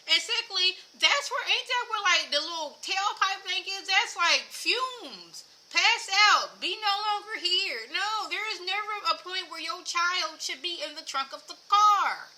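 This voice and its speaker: Chatty woman with a bright, high voice. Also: measured pace, few pauses, poor audio. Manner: animated, chatty, lots of filler words. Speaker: reality TV recap vlogger. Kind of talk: casual recap chat.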